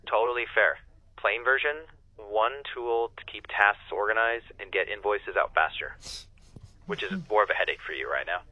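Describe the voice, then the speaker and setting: A low-pitched synthetic male voice of an AI agent, casual and upbeat in short customer service replies. The sound is dull and lo-fi, and the line is dry. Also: moderate pace, no echo. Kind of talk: customer service phone chat.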